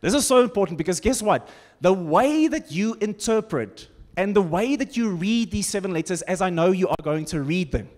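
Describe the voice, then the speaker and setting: A man's voice: high-pitched, a little mellow. A man preaching a sermon as pastor, conversational and humorous with sarcastic asides. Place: large church auditorium. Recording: long church-hall reverb.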